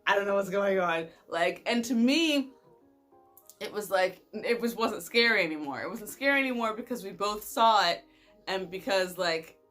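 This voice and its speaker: A young woman vlogger telling a personal story in a casual, animated way, laughing often and using lots of fillers. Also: medium pitch, normal speed, soft background music.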